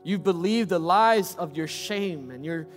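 A man's voice: sits high, animated, a little slow, soft background music. A man preaching a sermon as a pastor, building passionate, repetitive cadences.

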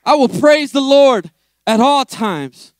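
Young guy pastor preaching hard, real high voice, repeats stuff, gets shouty, dry close sound. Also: expressive, slow pace, no echo. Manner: impassioned preaching, rising to shouts. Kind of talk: sermon.

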